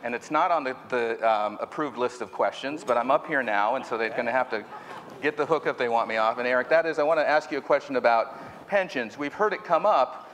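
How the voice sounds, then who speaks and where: A man with a medium-pitched, slightly bright voice moderates a conference panel at a brisk pace. He introduces the speakers chattily and jokingly, with fillers and restarts, in a reverberant hall with faint noise.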